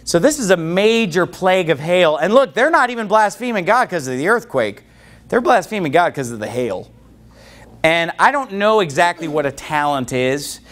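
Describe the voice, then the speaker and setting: A man preaching a fiery sermon to a congregation, whose voice climbs into shouting when he gets worked up. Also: high-pitched, very animated, moderate pace. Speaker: pastor.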